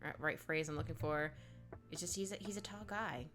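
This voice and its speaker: A woman's voice: deep voice, fairly quick, over music. A woman chatting casually on a live stream while she draws, reading chat aloud, laughing often and trailing off mid-thought.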